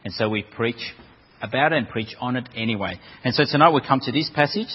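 Chatty preacher in an echoey church. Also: male voice, medium pitch, a little fast, slightly rough. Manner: conversational, storytelling, repeats words when restarting. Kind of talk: sermon. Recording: dull echoey hall recording.

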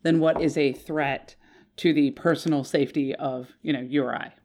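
A woman's voice: low voice, steady tone, moderate pace. A woman co-hosting a casual podcast, explaining a legal concept with frequent "um"s and "you know"s. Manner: explains with many "um"s and "you know"s, bursts of loud laughter. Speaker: podcast co-host explaining law.

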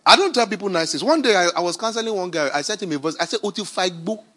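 A man preaching a sermon as pastor, swinging from shouted declarations to quiet, chatty asides. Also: high-pitched, very animated, rapid-fire.

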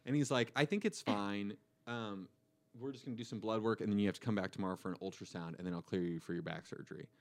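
A young man co-hosting a podcast, telling a story in a deadpan way and acting out the dialogue. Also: on the low side, quick pace. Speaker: co-host. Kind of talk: casual storytelling chat.

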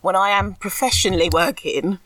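A woman's voice: mid-range voice, a little fast, fairly bright tone, a little hiss or hum. A woman in casual podcast chat, speaking candidly and animatedly, laughing often and admitting she can be ranty. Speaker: podcast co-host, school anti-racism educator.

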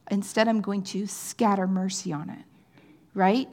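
A woman giving an earnest, conversational sermon, often checking in with "right?" and sometimes dropping to a soft, near-whispered tone. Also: medium pitch, little pitch movement, unhurried. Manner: drops to soft, near-whispered phrases at times. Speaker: pastor.

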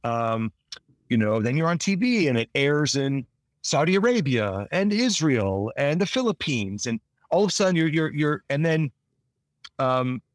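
Speaking at a measured pace in a slightly high voice, with no echo and a dry sound, a man tells rambling stories as an actor guest in casual interview talk. He often restarts and acts out quoted lines in lively voices.

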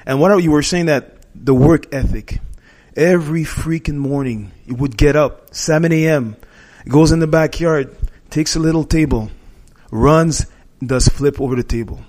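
A man's voice: on the high side, normal speed, a little mellow. A middle-aged man telling a heartfelt personal story as a guest in a conversation, talking earnestly and often restarting and correcting himself.

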